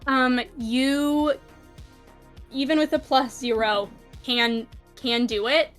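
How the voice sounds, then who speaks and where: A woman narrating as game master in a tabletop game, unhurried and pausing often with fillers. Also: high-pitched, steady tone, soft background music.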